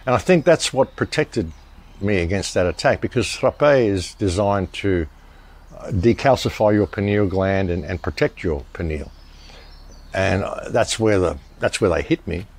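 A man with a fairly low voice delivers a casual monologue to his viewers. He talks in an emphatic, rambling way, restarting sentences and circling back on his points. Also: unhurried, a little mellow. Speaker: online commentator.

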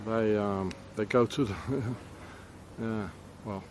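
A man's voice: fairly low pitch, steady tone, drawn-out words, a little mellow, slight background noise. A man rambling on a walk-and-talk travel vlog outdoors in a town, with many fillers and restarts. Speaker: travel vlogger.

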